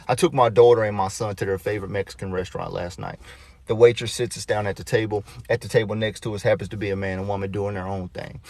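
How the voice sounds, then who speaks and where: A man's voice: lowish voice, no room sound. A man telling comic stories about his kids in a profane, exasperated rant. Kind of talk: comedic storytelling.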